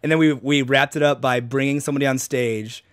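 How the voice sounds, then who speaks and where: Fast-talking young man telling a story. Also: mid-range voice, fairly even intonation, no echo, studio quality. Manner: rambling, laughs often, says "like" a lot. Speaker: guest comedian. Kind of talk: casual storytelling.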